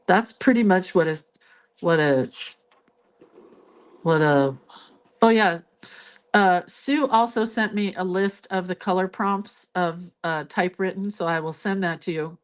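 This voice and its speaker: Woman host of a relaxed live doodle lesson, talking slowly and chattily as she draws, on a phone mic. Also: lowish voice. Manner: chatty, thinks aloud while drawing. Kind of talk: casual live drawing tutorial. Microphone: phone camera.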